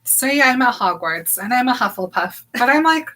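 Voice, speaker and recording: A woman's voice: a little high, animated, sharp tone, poor audio. Playful woman chiming in with jokes. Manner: playful, chimes in with quick jokes and asides. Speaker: podcast co-host. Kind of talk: casual chat. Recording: live podcast recording.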